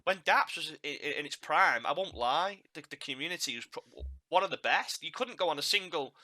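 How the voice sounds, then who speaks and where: A man's voice: a little high, lively intonation, brisk, bright, forceful tone. A man hosting a podcast, chatting casually and animatedly, laughing at his own mishaps and repeating words as he goes. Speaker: podcast host.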